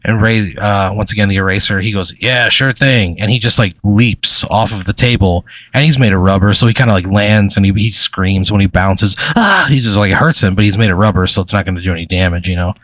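Low-voiced rambling male game master. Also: steady tone, fast talker, few pauses, no room sound. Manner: rambling, filler-heavy storytelling. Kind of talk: narrating a tabletop game.

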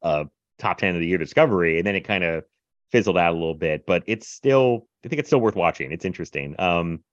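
A man casually reviewing a film in animated, rambling podcast chat, full of fillers and laughs. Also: low voice, fast talker, no echo, lo-fi sound. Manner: animated, filler-heavy retelling with laughs and mimicry.

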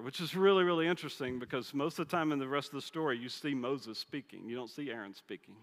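A man's voice: medium pitch, fast, few pauses, a bit bright. A man preaching a sermon, retelling a scripture story conversationally with humorous asides. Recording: long hall reverb.

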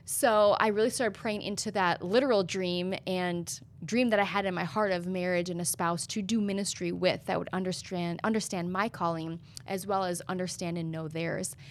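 A woman's voice: fairly low pitch, steady tone, moderate pace, hardly any pauses. A young woman, a guest in an interview, telling her testimony in an earnest, preacherly way.

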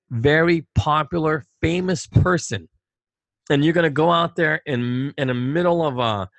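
A man's voice: a little high, fairly bright tone, dry recording. Emphatic middle-aged male talk host. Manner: emphatic, rhetorical, repeats himself. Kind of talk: casual political talk.

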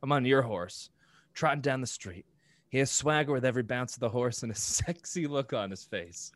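A man's voice: mid-range voice, normal speed, no room sound. A man reading his own comedy script aloud and chatting casually, self-mocking and laughing often.

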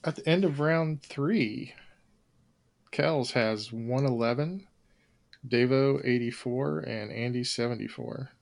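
A man's voice: mid-range voice, takes it slowly, vocal fry. A man hosting a casual trivia podcast, reading out questions and scores in a dry way. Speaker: trivia quiz host.

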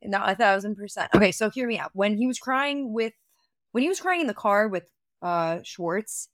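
Her mid-range voice has lively intonation and moves at a normal speed as she co-hosts a casual reality-TV recap podcast. She says "like" a lot and returns to thoughts partway through, captured in clean, echo-free studio sound.

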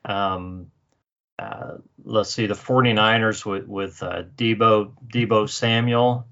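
A man's voice: on the low side, steady tone, takes it slowly, fairly bright tone, muffled recording. A man co-hosting a sports podcast, chatting casually and hesitantly, with many fillers. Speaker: podcast co-host.

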